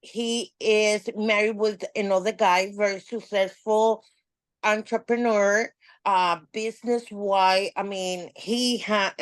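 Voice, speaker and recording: Woman, podcast guest, slow unhurried delivery, dry close sound, animated storytelling, nonstandard grammar. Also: medium pitch, no room sound. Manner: animated, acts out quoted dialogue. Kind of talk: casual storytelling.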